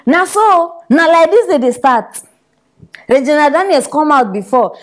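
A woman with a high voice delivers comedy gossip news in a Nigerian Pidgin accent. She teases and scolds her audience and laughs often as she talks. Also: animated, normal speed. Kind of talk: gossip commentary.

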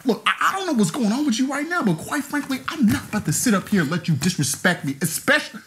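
An actor playing a hurt ex-fiancé who swings from low, quiet words to cracking shouts. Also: male voice, sing-song, quick pace, exaggerated voice. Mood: heated, wounded. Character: hurt ex-fiancé, proud and wounded. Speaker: jilted ex-fiancé. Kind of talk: romantic drama acting.

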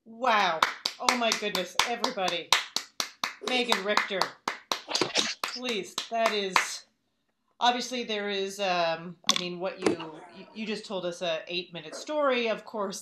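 A woman's voice: medium pitch, a little slow, heavy background noise. A woman hosts a live storytelling event in a mid-range voice. She stumbles through her words with restarts and fillers, then slips into a wry, comic telling of her own story. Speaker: host.

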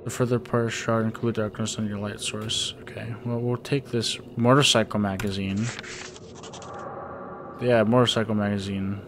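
A man's voice: on the low side, little pitch movement, normal speed, background noise. A young man giving rambling, nervous let's-play commentary to his viewers, often panicking and talking to himself. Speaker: gaming YouTuber.

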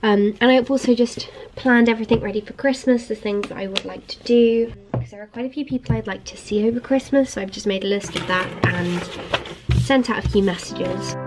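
A woman's voice: mid-range voice, a little fast, music in the background. A young woman chatting casually in her vlog, speaking with a slight lisp from a mouth guard. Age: young adult. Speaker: vlogger.

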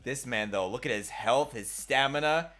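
A young man doing playful gameplay commentary, trash-talking and breaking into loud shouted bursts. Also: medium pitch, moderate pace. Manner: playful, jokey. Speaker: gaming YouTuber.

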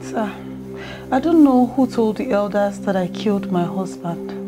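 A woman's voice: mid-range voice, expressive, unhurried, loud music behind the voice, close to an everyday voice. An actress playing a grieving young widow, earnestly pleading her innocence.

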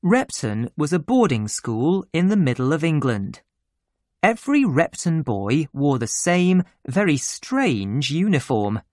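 Slow clear storybook narrator for english learners, lively pitch, dry sound. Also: no echo.

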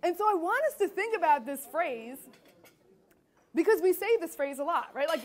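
Woman doing a keynote talk, pretty high voice, acts out what people said, lots of "like". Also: normal speed. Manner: animated, acts out quotes with filler "like". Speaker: keynote speaker.

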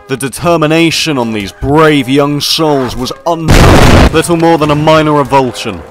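A gaming video creator with a medium-pitched, fairly bright voice does in-character gameplay commentary. He plays a mock-pompous upper-class officer, bantering and laughing at his own jokes over faint background music.

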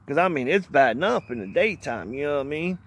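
Fast and sing-song, a man with a voice on the high side tells a hunting story. He's an outdoors vlogger with a rambling, folksy, plainspoken manner, laughing often and swearing mildly from time to time in this casual storytelling.

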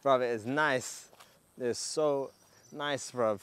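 A man's voice: mid-range voice, takes it slowly, fairly bright tone, clean tone. A man vlogging at an outdoor car meet, talking in hyped, slang-heavy street talk while filming on a handheld camera. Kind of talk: casual walkaround vlog. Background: faint outdoor noise.

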